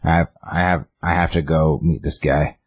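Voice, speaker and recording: A man loosely voicing the Hulk, a huge gruff male brute, in a casual offhand retelling. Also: very deep voice, fairly even intonation, moderate pace, exaggerated voice.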